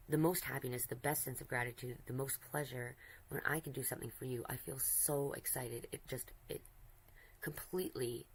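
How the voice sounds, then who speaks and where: A woman's voice: a bass voice, a little mellow, slightly rough, rough recording. A woman streamer chatting casually while she draws, rambling and giggly, affectionate, often breaking off mid-sentence. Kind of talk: casual chat while drawing.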